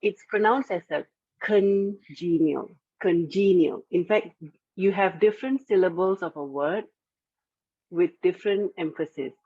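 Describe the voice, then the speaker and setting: A woman with a fairly low, husky voice presents the word of the day on a video call, carefully spelling out and explaining its pronunciation. The sound is dry and narrow, like a phone line. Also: a little slow, no room sound. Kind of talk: online club meeting presentation.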